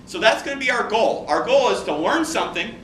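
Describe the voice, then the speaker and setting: A middle-aged man teaching statistics, telling a story in an animated, conversational way. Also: high voice, brisk, slight background noise. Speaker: statistics instructor. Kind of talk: classroom lecture with storytelling. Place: classroom. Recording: echoey classroom, distant mic, faint ambience.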